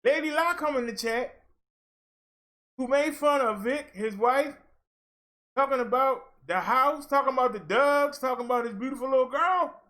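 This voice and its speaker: In a very high-pitched, pushed and bright voice at normal speed, a male commentary vlogger scolds and rants in exasperation. He mocks others by slipping into put-on voices.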